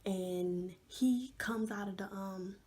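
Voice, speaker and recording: A young woman vlogger telling an animated story with many fillers, often dropping to a hush. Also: mid-range voice, slow pace. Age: young adult. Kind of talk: storytime vlog.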